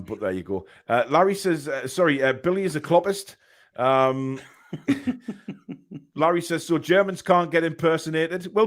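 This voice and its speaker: Host, male, slightly high voice, rambling chat-reader. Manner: rambling, chuckling, lots of ums and uhs. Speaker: podcast host reading live chat. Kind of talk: casual chat.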